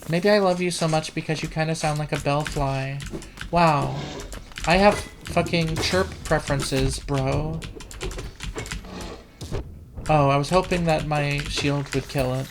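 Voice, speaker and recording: A woman hosting a let's play with live gameplay commentary, rambling, profane and self-mocking, practicing a trained feminine voice on a desk computer mic. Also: low-pitched. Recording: keyboard clicks and room noise.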